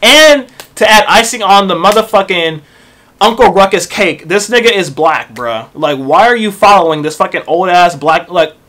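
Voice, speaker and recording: A young man telling a work story in a casual storytime rant, profane and animated, dropping into low mutters for asides. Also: moderate pace.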